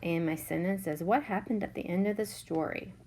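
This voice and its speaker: A woman teaching a third grade class, slowly and patiently sounding out letters and words. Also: lowish voice, dark tone, a little hiss or hum, rough recording. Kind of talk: remote spelling lesson.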